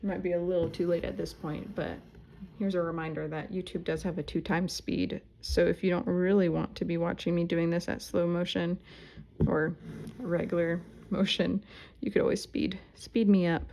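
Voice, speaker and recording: A woman in her thirties talks through an embroidery tutorial from home, chatty and self-deprecating. Her voice sits a little low, with a mellow tone and a touch of gravel. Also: flat delivery, normal speed. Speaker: embroidery instructor. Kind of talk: casual tutorial talk while stitching. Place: at home, indoors.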